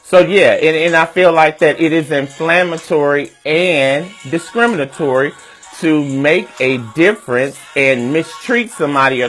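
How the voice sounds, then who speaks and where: A man's voice: fairly high pitch, a bit bright. A man with a Southern US accent hosting a web series, talking candidly and casually to his viewers and asking them questions.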